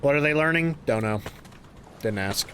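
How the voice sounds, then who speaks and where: A man's voice: mid-range voice, animated, moderate pace, background noise. A man streaming a game live, reacting with goofy jokes and sudden exclamations and thanking his chat. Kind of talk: live gameplay commentary.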